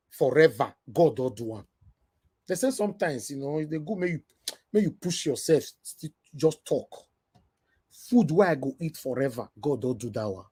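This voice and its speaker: A man from the UK with a Nigerian Pidgin accent, giving an animated, emotional commentary rant. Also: on the high side, breathy edge. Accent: Nigerian Pidgin English. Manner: animated, emotional, switching from loud to soft. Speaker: vlogger.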